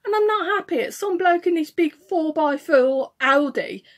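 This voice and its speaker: A woman with a Birmingham accent telling a story to camera in an indignant, animated way, acting out what was said. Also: very high-pitched, normal speed. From England. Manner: indignant, animated retelling with acted quotes. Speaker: vlogger.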